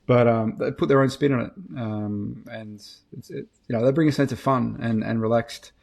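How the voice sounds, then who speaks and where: A man's voice: mid-range voice, fairly even intonation, moderate pace, vocal fry, darkish tone. A man co-hosting a podcast, asking probing questions with hesitant fillers. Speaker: podcast co-host. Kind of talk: casual podcast discussion.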